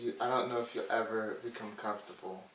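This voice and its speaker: A man in casual conversation who speaks in a measured, slightly hesitant way and asks questions. His voice sits at a middle pitch and is heard from a little way off the mic in an echoey room. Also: steady tone, fairly bright tone, far from the mic. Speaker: co-host.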